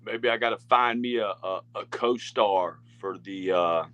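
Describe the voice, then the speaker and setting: A man co-hosting a life-coaching podcast, chatting in an earnest, fired-up way that slows down for emphasis. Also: on the low side, fairly bright tone, no echo, highs cut off. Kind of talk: casual chat.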